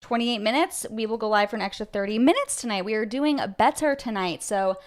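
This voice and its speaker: A woman's voice: fairly high pitch, brisk. Breezy woman hosting a livestream. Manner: breezy, flippant, chatty. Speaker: livestream host. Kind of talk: casual livestream chat.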